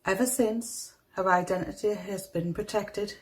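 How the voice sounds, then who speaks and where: A woman with a toned-down Northeast English accent narrating a true crime story in a measured, somber manner. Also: mid-range voice, steady tone, rough recording. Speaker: podcast host.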